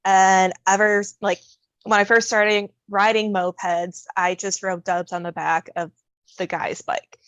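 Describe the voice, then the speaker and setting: A woman's voice: medium pitch, little pitch movement, a little slow, a bit bright, clear, resonant tone, no room sound, dull audio. A woman talking casually as a podcast guest, telling stories with laughter. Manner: chatty, laughs often, storytelling. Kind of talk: casual conversation.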